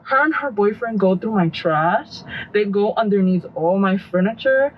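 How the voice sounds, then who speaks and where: A woman's voice: mid-range voice, moderate pace, highs cut off, slight background noise. A woman tattoo artist on a podcast, telling stories casually and acting out what people said. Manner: animated, acts out quoted voices. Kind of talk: casual storytelling.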